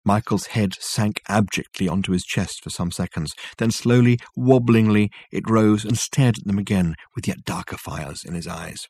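A man reads a novel aloud in a measured, wry manner. His voice sits fairly low, and the recording is close and dry with no room sound. Steady, clear audiobook narration. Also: dry recording. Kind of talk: scripted narration.

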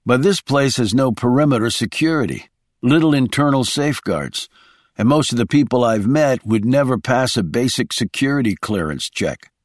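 A man plays a blunt, cool male security operative, giving clipped critiques in a cold mood. His mid-range voice has lively intonation at normal speed, pitched above his own natural voice but close to an everyday one, in studio-quality audio with no room sound.

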